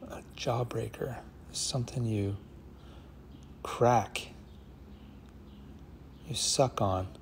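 A man's voice: medium pitch, slow, creaky, a little hiss or hum. A man thinking aloud as he solves a word puzzle, musing half to himself and sometimes dropping to a near whisper. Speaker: puzzle channel host.

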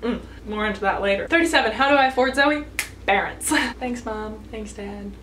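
A woman's voice: fairly high pitch, moderate pace, a bit bright, slight background noise. An eighteen-year-old American woman answering viewer questions in a casual vlog, bubbly and chatty, giggling between answers. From United States. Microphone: camera mic.

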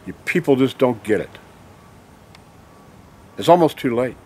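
A man's voice: medium pitch, lively intonation, measured pace, mellow, slight background noise. An angry man delivering a ranting monologue to his viewers, full of emphatic rhetorical questions and tag "okay?"s. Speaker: video blogger.

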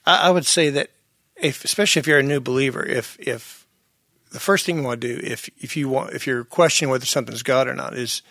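A man in a casual chat, earnest and halting, repeating words as he works out his point. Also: mid-range voice, vocal fry, a bit bright, dry recording, studio quality.

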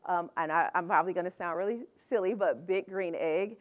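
A woman's voice: lowish voice, a little fast, lo-fi sound. A middle-aged woman giving a chatty, upbeat conference talk, laughing often between her points. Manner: upbeat, conversational. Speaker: conference speaker.

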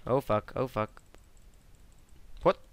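A man giving casual live commentary over his own online shooter match, swearing, grumbling in frustration and breaking into excitable outbursts. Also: on the low side, a little slow, smooth, no echo. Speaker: gameplay commentator.

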